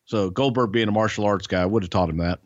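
A man's voice: fairly low pitch, quick pace, no room sound, lo-fi sound. A man co-hosting a podcast, telling backstage stories in a blunt, folksy, opinionated way. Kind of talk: casual storytelling chat.

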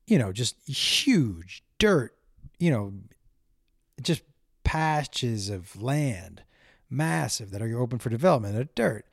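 A man hosting his own show, telling a rambling, animated story with plenty of swearing and acted-out voices. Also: medium pitch, vocal fry, no echo, studio quality. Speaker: comedian podcast host. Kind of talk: casual rambling monologue.

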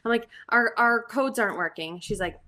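A young woman guest on a podcast, retelling a trip in lively casual chat and acting out the story. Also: on the high side, normal speed.

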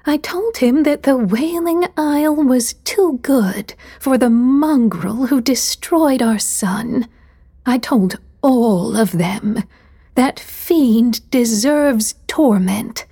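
A woman whispering as a breathy vengeful sylph mother. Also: a little high, warm tone, exaggerated voice. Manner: sing-song, doting yet spiteful. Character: vengeful airy sylph mother, female, ageless.

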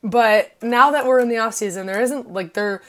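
A woman in her twenties from Illinois, co-hosting a casual podcast and talking in an excitable, gushing way with lots of "like" fillers. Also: on the high side, normal speed. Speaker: podcast co-host.

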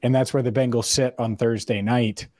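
Dry-sounding podcast host, opinionated. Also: male voice, medium pitch, steady tone, moderate pace, a little mellow, no echo. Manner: opinionated, thinks aloud with hypotheticals. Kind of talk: casual sports podcast chat.

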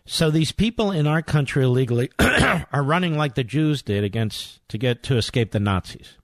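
A man hosting a talk radio show, playing clips and commenting on them in an indignant, combative manner with loud rhetorical questions. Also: mid-range voice, expressive, moderate pace, no echo.

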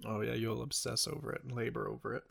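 A man's voice: mid-range voice, fairly even intonation, fast talker, gravelly, a bit bright, husky. A man co-hosting a podcast in casual, joking chat, swearing freely and riffing on ideas. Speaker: podcast co-host.

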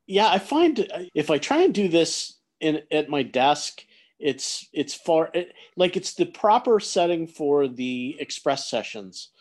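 A man with a Pittsburgh accent, chatting on a podcast over a video call while lying down, relaxed, with halting restarts. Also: a little high. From Pennsylvania. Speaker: executive editor. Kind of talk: casual chat.

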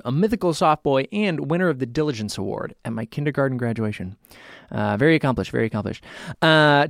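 A man's voice: fairly low pitch, no echo. A man hosting a podcast in a casual chat, rambling and self-deprecating, with lots of filler words, on a studio mic. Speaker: podcast host.

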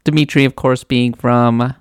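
A woman from Minnesota co-hosting a casual podcast, reading out a listener letter with lively enthusiasm. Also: very deep voice, unhurried, clean tone, no echo, clean studio sound. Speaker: podcast co-host.

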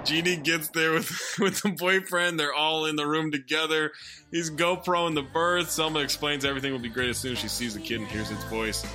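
A man co-hosting a casual podcast, narrating a movie plot in quick deadpan summaries and swearing casually. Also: fairly high pitch, over music. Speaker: podcast co-host recapping a movie. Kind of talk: casual comedic movie recap.

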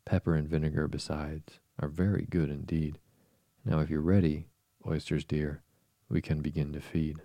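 A man reading the part of a sly, greedy walrus who coaxes oysters along, in a calm storybook voice. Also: rumbling low, moderate pace, dry recording. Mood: coaxing. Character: sly greedy male walrus, falsely tearful.

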